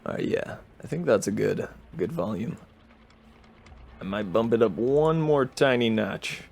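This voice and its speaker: A man's voice: on the low side, animated, a little slow, gravelly, darkish tone. A man hosting a podcast, reading a short story aloud and chatting casually between passages. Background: faint futuristic city ambience.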